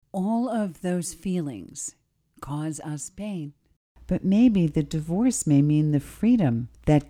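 A woman from the Bronx hosting a radio talk show, giving slow, deliberate advice to listeners. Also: low voice, dark tone. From Bronx, New York.

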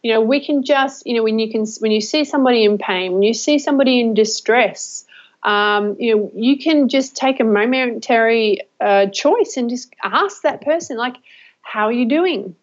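A woman talking to her viewers in a heartfelt personal vlog, emotional and halting with many fillers and restarts. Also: a little high. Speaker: vlogger. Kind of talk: heartfelt personal talk to camera. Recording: dull lo-fi recording.

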